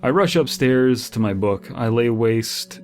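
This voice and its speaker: A man with a mid-range, slightly mellow voice reads a horror story aloud at a measured pace with lively intonation. As a reader and critic, he keeps breaking off into sarcastic, exasperated commentary full of fillers, over faint background music.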